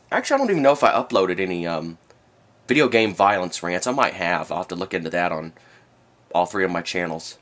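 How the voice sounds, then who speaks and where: A man's voice: deep voice, fairly bright tone. A man delivering a rambling, sarcastic rant to camera, with sudden outbursts. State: has the hiccups. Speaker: vlogger. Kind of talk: ranting monologue.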